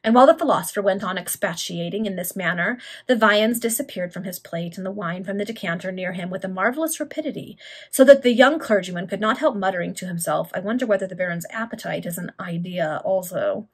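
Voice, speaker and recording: A woman reads an old serial novel aloud among friends and is amused by the text. Her voice is breathy and of medium pitch. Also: fast. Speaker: reader. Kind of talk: reading a Victorian serial aloud.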